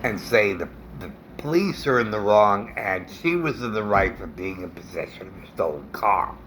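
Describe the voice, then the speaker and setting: A man venting an indignant opinion rant in a vlog, halting with fillers and restarts. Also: on the low side, lively intonation, fairly bright tone, slight background noise. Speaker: vlogger.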